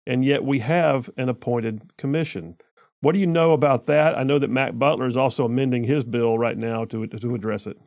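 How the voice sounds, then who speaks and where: A man hosting a radio talk show, chatty and quick, with lots of stumbling restarts. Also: medium pitch, creaky, a little mellow, no echo, clean studio sound. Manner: chatty, stumbling restarts, rushes when he gets going.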